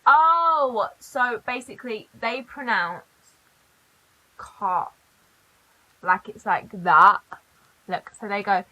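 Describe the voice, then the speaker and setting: Woman, young adult, British accent, bright tense voice, casual reaction vlog, chatty asides. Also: mid-range voice, low-quality recording. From Britain. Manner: chatty, reads aloud and reacts with quick asides. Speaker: reaction vlogger.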